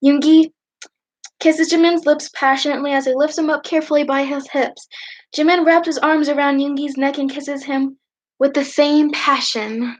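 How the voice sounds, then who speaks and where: High-voiced woman reading fanfiction on stream. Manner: giggly, chatty asides and throat-clearing. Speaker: livestream host. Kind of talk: casual reading of fanfiction on a livestream. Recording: dull lo-fi stream audio.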